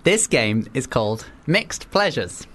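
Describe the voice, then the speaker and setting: A man's voice: mid-range voice, very animated, takes it slowly, a bit bright. A young man hosting a radio show, teasing and playful with lots of restarts. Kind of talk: casual comedic chat.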